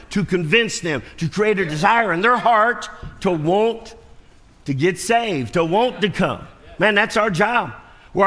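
Preaching in a church sanctuary, recorded with a lengthy reverb, this man has a high, bright and forceful voice. He narrates stories animatedly during the sermon, performing the voices of those in them.

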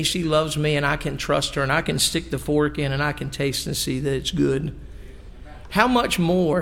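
A man preaches in a folksy, emphatic way, spinning homey asides about his wife's cooking into the message. His voice sits fairly high and carries a gravelly fry. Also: a bit bright, long reverb tail. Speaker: pastor. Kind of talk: sermon. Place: church sanctuary.

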